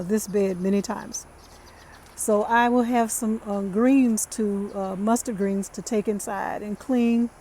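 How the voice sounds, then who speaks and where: A woman's voice: mid-range voice, warm tone, a little hiss or hum. A woman giving a casual tour of her backyard garden, chatting to viewers and calling them y'all. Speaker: home gardener vlogger.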